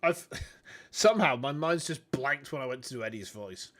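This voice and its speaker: A man's voice: mid-range voice, lively intonation, moderate pace, noisy background. A man with a Yorkshire accent, a VTuber streamer chatting casually and self-deprecatingly over his game.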